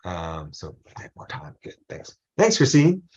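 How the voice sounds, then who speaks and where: A man's voice: low-pitched, wildly swooping pitch, unhurried, a little mellow, low-quality recording. A male college professor giving a casual online lecture, rambling into asides and acting out quotes.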